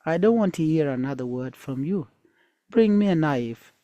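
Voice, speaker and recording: A man reading a folktale aloud who voices a furious father scolding his daughter, shouting his lines. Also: on the high side, lively intonation, moderate pace, dry recording, highs cut off, natural voice. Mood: angry scolding. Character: furious stern fisherman father.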